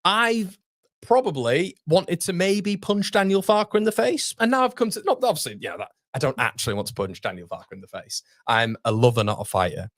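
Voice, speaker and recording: A man's voice: high-pitched, big pitch swings, brisk, fairly bright tone, dry recording, studio quality. A young man hosting a live football fan stream, chatting casually and reading viewer comments aloud. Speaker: fan channel host. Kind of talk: live football watchalong chat.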